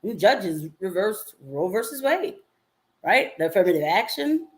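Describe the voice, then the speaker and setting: A young woman talks loosely on a livestream, answering chat comments as she goes. She is lively and swings into mocking quoted voices, with laughs breaking in. Her voice sits in a middle register. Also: mid-range voice, moderate pace. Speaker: nurse and political vlogger.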